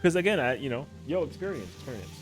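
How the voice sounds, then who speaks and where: A man game streamer in casual stream chat, slangy and animated, saying yo and bro a lot. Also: medium pitch, fast talker, over music.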